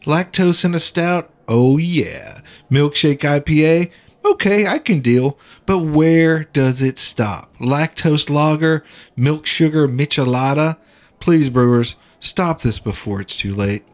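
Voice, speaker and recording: A man's voice: a little high, expressive, slow. A man reading a parody sponsor ad in a mock-earnest, pleading announcer voice.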